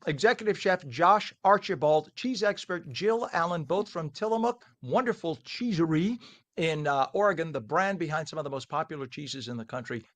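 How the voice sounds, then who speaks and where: A man's voice: a little high, expressive, normal speed. A man hosting a live morning TV show, chatty and jokey, tasting food as he talks. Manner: chatty, jokey, talking with his mouth full.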